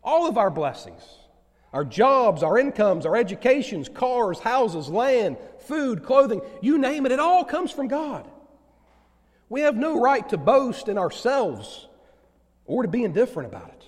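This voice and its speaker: A male pastor preaching a sermon to his congregation, telling stories with lively delivery. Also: very high voice, unhurried, long reverb tail. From United States. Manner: animated storytelling preacher.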